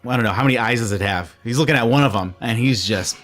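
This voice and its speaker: A man playing a tabletop game, describing his character's actions in an animated way. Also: medium pitch, fast, soft background music. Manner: animated, restarts sentences while describing. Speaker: player.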